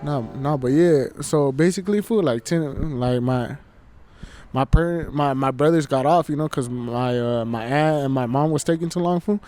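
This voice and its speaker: Outdoors at night, with a train faintly audible, a man co-hosting a casual podcast shares a story in slang laced with swearing. He keeps calling everyone "fool" and restarts often, and his voice is warm and medium-pitched at a normal speed.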